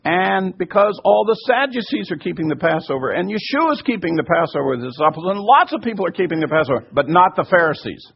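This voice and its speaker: A man's voice: high voice, very animated, fast, vocal fry, hardly any pauses, breathy edge. A man teaching from scripture and answering listener questions, emphatic and fond of asides. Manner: emphatic, repeats "by the way". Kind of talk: teaching talk. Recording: muffled lo-fi recording.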